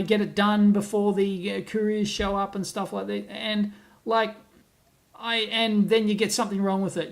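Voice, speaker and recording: An Australian man hosting a casual livestream. He reads viewer comments aloud, laughs often and rambles as he thinks out loud. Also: sits high. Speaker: livestream host. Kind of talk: casual live-stream chat, reading viewer comments aloud. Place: at home on a laptop, away from his office.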